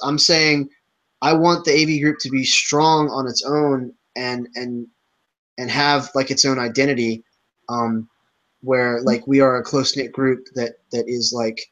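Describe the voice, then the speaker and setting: A man's voice: medium pitch, fairly bright tone, rough recording. A man leading an online group meeting, talking casually with many restarts and fillers over a video call.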